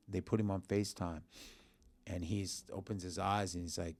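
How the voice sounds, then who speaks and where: In a podcast studio, a guest musician with a very deep, gravelly voice shares an emotional story from his life during an interview. He delivers it in short bursts at a moderate pace with fairly even intonation, voicing the people involved, his rough low tone close-miked with no echo.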